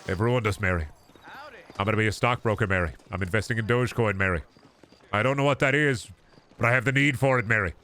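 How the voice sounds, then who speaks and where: A man's voice: on the low side, quick pace, pushed and bright. A man voicing a flustered Amish farmer who keeps dramatically pleading with his wife. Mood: distraught.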